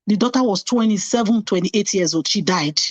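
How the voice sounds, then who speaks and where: A woman's voice: medium pitch, fairly quick, darkish tone, dry recording, highs cut off. A middle-aged woman telling a painful personal story earnestly, repeating phrases for emphasis. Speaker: guest telling her story.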